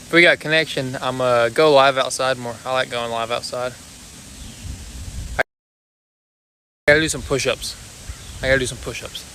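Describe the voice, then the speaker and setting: With a mid-range voice, a sharp tone and frequent pauses, this young man talks at normal speed and keeps his tone steady. He's streaming casually from his backyard on a phone after exercising, out of breath and joking with viewers, with slight background noise.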